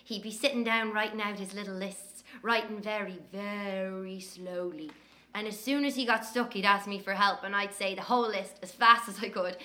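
An actress voicing a blunt, sharp-tongued Irish woman who narrates her childhood with an earthy, cursing manner. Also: medium pitch, steady tone, close to an everyday voice. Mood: candid, wry. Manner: brisk, earthy storytelling with cursing. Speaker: narrator recalling her twin brother. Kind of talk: dramatic first-person narration.

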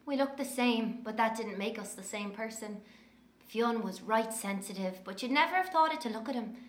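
An actress voicing a blunt, sharp-tongued Irish woman who narrates her childhood with an earthy, cursing manner. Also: a little high, natural voice. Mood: candid, wry. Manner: brisk, earthy storytelling with cursing. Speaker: narrator recalling her twin brother. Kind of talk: dramatic first-person narration.

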